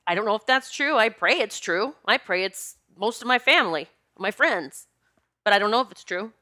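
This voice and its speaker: A vlogger speaks to her viewers in a casual monologue to camera, using a mid-range, expressive voice at normal speed with a bright, forceful tone. She's emphatic and often repeats herself to drive a point home.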